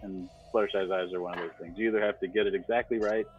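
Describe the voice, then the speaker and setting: Lower-voiced man with dry humor. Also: steady tone, fast talker, muffled recording, soft background music. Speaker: artist on a panel. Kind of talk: casual panel chat.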